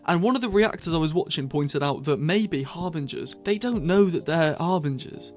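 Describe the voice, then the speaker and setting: A young man reviewing a TV series to camera in a chatty, rambling way with bursts of excitement. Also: a little high. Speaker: TV show reviewer. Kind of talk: casual scripted review to camera.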